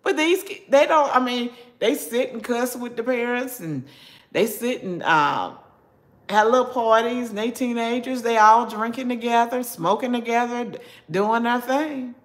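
A woman, chatting with her viewers in a slow, folksy, preachy way. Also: a little high. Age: 70s. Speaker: cooking channel host reading chat. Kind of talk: casual live chat.

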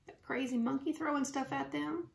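A woman teacher reading a children's book aloud with lively, expressive storytelling. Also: high voice, normal speed, creaky, slight background noise. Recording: roomy echo.

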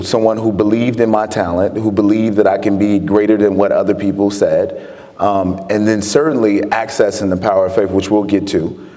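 His voice sits on the low side and sounds mellow. As a guest author from Chicago being interviewed onstage in front of an audience, he shares his story earnestly, often laughing, while the lecture hall's long reverb lingers around him.

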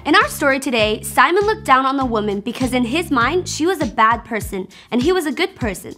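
A woman hosting a kids' church lesson, presenting in a friendly, clear way. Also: sits high, big pitch swings, a little fast, over music.

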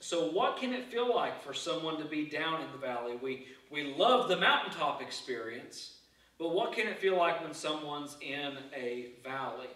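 A man preaching a sermon from the pulpit in an earnest, halting way, often doubling back on his words. His voice sits a little high and sounds bright and forceful. The recording catches him from a distance in a very echoey church hall. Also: expressive. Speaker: pastor. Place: church sanctuary.

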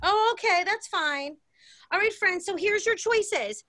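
A woman leading a children's dance class over a video call, slow and cheerful. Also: extremely high pitch, lively intonation, bright, forceful tone, dry recording, studio quality. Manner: cheerful, slow and sing-song with small children. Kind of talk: online kids' dance class.

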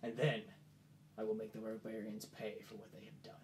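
A man puts on a proud, wounded male warrior for a tabletop game. The voice is low, grave and slow, with a stern edge. Faint room noise sits behind it. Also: fairly even intonation, natural voice.

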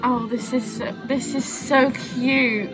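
A young woman giving casual reaction commentary on a music video, gushing and excitable and swearing freely. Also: sits high, slow.

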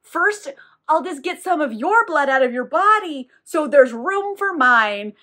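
A woman's voice: high voice, expressive, measured pace, pushed and bright, voice pushed up, full character voice. Woman playing a gushing scheming vampire girl. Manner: gushing, valley-girl casual. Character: sweet but scheming young female vampire.

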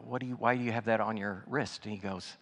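Folksy preacher in a reverberant church. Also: male voice, on the low side, steady tone, quick pace, a bit bright. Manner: folksy, anecdotal, conversational with many restarts. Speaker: guest preacher. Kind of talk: sermon storytelling. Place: church sanctuary.

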